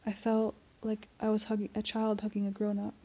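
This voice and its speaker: A woman reads a novel aloud in the first person, keeping her delivery soft and even. Her lines sometimes sink almost to a whisper. Her voice is mellow, gravelly and a little husky. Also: mid-range voice, a little fast. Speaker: audiobook reader. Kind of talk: amateur first-person audiobook narration.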